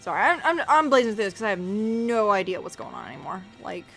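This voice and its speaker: A woman from the United States streaming a game, chatting casually in a rambling, profane and animated way. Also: mid-range voice, fast talker, vocal fry. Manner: rambling, profane, animated, acts out quoted voices. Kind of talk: casual live-stream chat while playing. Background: faint game music.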